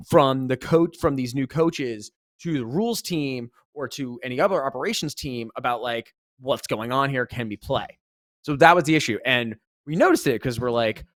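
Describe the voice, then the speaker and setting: A man co-hosting a casual podcast, telling a story with animation, rising loud when exasperated and swearing freely. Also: mid-range voice, dry recording, studio quality. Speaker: podcast co-host, esports commentator.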